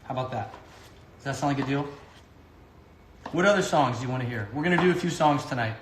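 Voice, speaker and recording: A man's voice: medium pitch, fast talker, background noise. Chatty man in an echoey kitchen. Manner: loose, rambling, self-correcting. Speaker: home cooking show host and singer. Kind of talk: casual chat while cooking.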